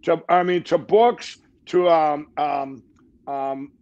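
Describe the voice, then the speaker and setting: A man's voice: fairly high pitch, fairly even intonation, slow pace, a little mellow. A middle-aged man speaking as a guest on a talk show, rambling and emphatic, with frequent restarts. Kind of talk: fast rambling interview talk. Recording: dull lo-fi audio.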